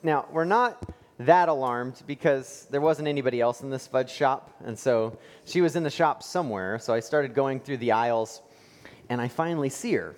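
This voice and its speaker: A man's voice: medium pitch, normal speed. A male pastor preaching a sermon in a conversational storytelling way, with fillers and rhetorical questions. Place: church sanctuary. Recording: long church reverb.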